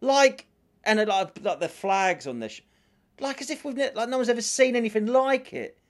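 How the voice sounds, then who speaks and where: A man's voice: very high-pitched, expressive, moderate pace. A man co-hosting a casual comedy chat, ranting and swearing with mocking impressions of people. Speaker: podcast co-host.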